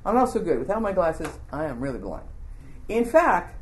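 Recorded in an echoey room, a woman with a lowish voice speaks at normal speed. She's teaching a group a Bible lesson, telling the story in an animated, informal style and asking them questions.

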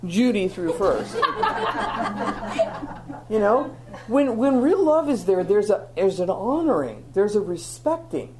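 A woman's voice: medium pitch, big pitch swings, normal speed, warm tone, a little hiss or hum. A woman teaching a Bible lesson in an earnest, conversational sermon style, often restarting her phrases.

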